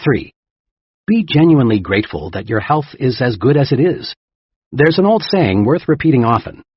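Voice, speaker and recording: A man narrating a self-help audiobook in a lively, emphatic reading style. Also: mid-range voice, moderate pace, husky, no echo. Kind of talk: scripted narration. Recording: dull lo-fi dry recording.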